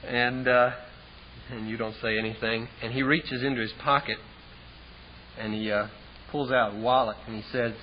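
A man preaching a sermon, telling a vivid story and dropping low and quiet for the characters' lines. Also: steady tone, normal speed, pauses often. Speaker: pastor. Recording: dull, hissy lo-fi recording.

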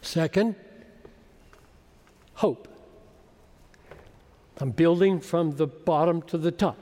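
Impassioned high-voiced man preaching in a hall. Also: slow, pauses often. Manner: swings between quiet explaining and loud soaring emphasis. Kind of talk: sermon. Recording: long hall reverb.

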